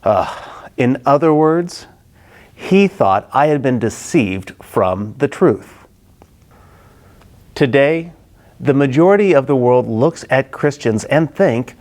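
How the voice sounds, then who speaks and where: Male pastor, Bible teaching, emphatic, unhurried delivery. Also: medium pitch. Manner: animated, emphatic storyteller.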